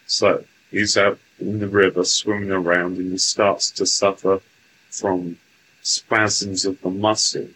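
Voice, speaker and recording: Channeling-session voice: a man with a very deep, slow, stilted and formal delivery. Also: flat delivery, pushed and bright, a little hiss or hum, low-quality recording. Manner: formal, deliberate, stilted phrasing. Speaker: channeled speaker.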